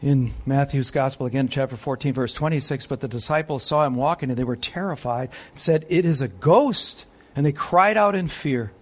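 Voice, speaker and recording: A man teaching a Bible sermon who swings between excited, emphatic high points and hushed, soft reflection, reading scripture aloud and asking his listeners questions. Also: normal speed, few pauses. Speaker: preacher.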